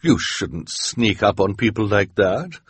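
A man's voice: fairly low pitch, big pitch swings, unhurried, husky, dry recording, exaggerated voice. A man voicing a haughty, sneering villainous woman with a mocking, nasty tone.

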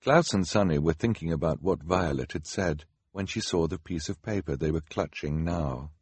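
A man reading a children's novel aloud as narrator, wry and deadpan with mock-solemn asides. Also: rumbling low, moderate pace, breathy edge, no echo. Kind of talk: audiobook narration.

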